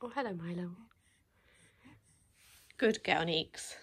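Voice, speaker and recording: A woman cooing to her dog and a baby at home, in a soft sing-song way. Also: on the low side, slow pace, breathy edge. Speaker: dog owner filming her pets. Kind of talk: cooing baby and pet talk. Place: home, indoors.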